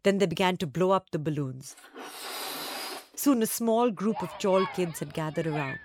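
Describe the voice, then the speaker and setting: A woman reading a children's story aloud, with expressive, varied delivery. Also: lowish voice, moderate pace, no echo.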